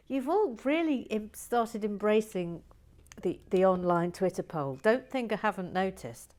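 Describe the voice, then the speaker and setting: A woman's voice: on the low side, lively intonation, measured pace, a little mellow. A woman hosting a building stream, chatting casually and playfully, reading viewer comments aloud and dropping to murmurs while she concentrates. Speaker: host of a brick-building stream.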